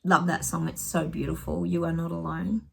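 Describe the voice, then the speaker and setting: A woman's voice: deep voice, flat delivery, normal speed, creaky, a little mellow, breathy edge. A middle-aged woman, a psychic, chatting casually to viewers while pulling tarot cards, rambling and laughing often. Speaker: psychic giving tarot predictions.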